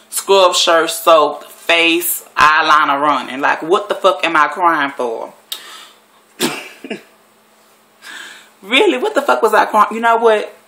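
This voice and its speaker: A woman's voice: sits low, pushed and bright. A woman vlogger telling a story in a blunt, profane and rambling way, sitting at home. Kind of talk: casual storytelling monologue.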